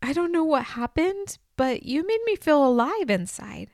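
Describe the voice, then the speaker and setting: A woman voicing a formerly cruel woman who sounds tense, then innocent and high. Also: big pitch swings, slow pace, warm tone, dry recording, studio quality, full character voice. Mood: innocent, wondering.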